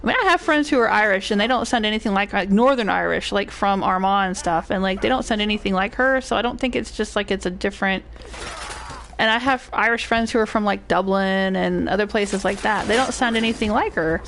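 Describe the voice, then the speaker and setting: A woman's voice: medium pitch, brisk, fairly bright tone, a little hiss or hum. An older woman giving rambling, casual commentary while streaming a game and greeting chat viewers. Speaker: gaming streamer. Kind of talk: casual live gameplay commentary.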